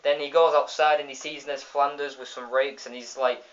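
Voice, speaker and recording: A man's voice: fairly high pitch, fairly even intonation, normal speed. A man giving a casual spoken review of a cartoon episode, retelling the plot in a rambling way with many restarts and fillers. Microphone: phone. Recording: dull lo-fi phone recording.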